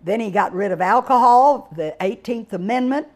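An older woman from Texas, giving a digressive storytelling lecture with dramatic exclamations and drawn-out words. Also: on the high side. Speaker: guest speaker reviewing a book.

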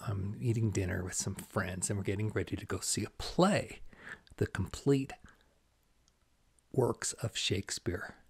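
A man's voice: on the low side, vocal fry, a little mellow, husky. A man hosting a spiritual talk show, telling jokes and stories in an enthusiastic, casual way. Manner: jokey, enthusiastic storytelling. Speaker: host and channeler.

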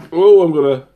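A man's voice: high voice, phone-quality sound, a little hiss or hum. A man tasting tea on a live stream in casual, rambling chat. He giggles often, mocks himself and has a runny nose from spicy tea. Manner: giggly, rambling and self-mocking.

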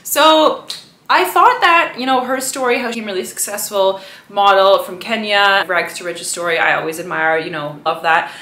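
A woman's voice: medium pitch, steady tone, a little fast, bright, forceful tone. Brief: young woman vlogger, casual and chatty, roomy echo. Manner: chatty, peppers speech with "right?" and "you know". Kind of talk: casual chat to camera.

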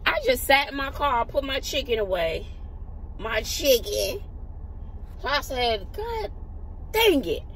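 Animated woman telling a story in her car. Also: fairly high pitch, unhurried, long pauses, slight background noise, poor audio. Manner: animated storyteller, acts out quotes. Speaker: vlogger, schoolteacher. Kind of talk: casual storytelling vlog.

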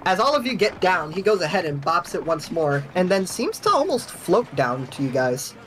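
A young man narrates a tabletop game as dungeon master. His voice sits somewhat high, and he talks in a casual, halting way full of fillers. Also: very animated, fairly bright tone, a little hiss or hum, poor audio.

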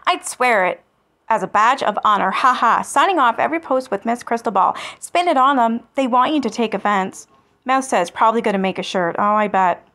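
A woman's voice: on the high side, lively intonation, fairly quick, bright, forceful tone. A woman hosting a commentary channel, reading online comments aloud and answering them with sarcasm and swearing. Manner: sarcastic and scornful, swears freely.

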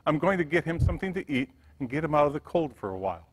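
A man's voice: fairly high pitch, very animated, fast, voice pushed up. A man voicing a wealthy, kind middle-aged businesswoman who speaks politely but insists. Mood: gracious. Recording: church hall reverb.

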